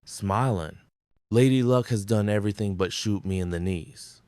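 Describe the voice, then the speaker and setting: An actor playing a gruff middle-aged diner owner who whines and pleads, in sitcom acting. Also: male voice, on the low side, normal speed, mellow, no room sound, lightly acted. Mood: sour. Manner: whiny, pleading. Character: gruff middle-aged male diner boss, desperate gambler.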